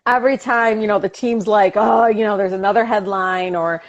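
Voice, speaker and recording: A woman politician chatting as an interview guest over a video call, telling animated stories, laughing often and acting out family dialogue. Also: mid-range voice, brisk, highs cut off.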